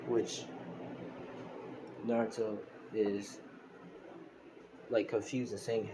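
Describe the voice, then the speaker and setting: A young man with a somewhat low voice tells a story in a loose, rambling way, full of fillers and restarts. He was recorded on a phone, and a steady hiss sits clearly under his voice. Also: slow pace, pauses often. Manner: rambling, heavy on fillers and self-corrections. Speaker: fan storyteller. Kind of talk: casual retelling of a fan story. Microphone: phone screen recorder.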